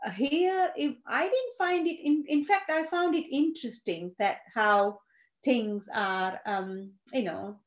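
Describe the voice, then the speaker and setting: A woman, a Gujarati speaker who tells her life story haltingly, with many fillers and restarts. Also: high-pitched. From India (Gujarat). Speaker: interviewee. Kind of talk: personal storytelling. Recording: roomy echo.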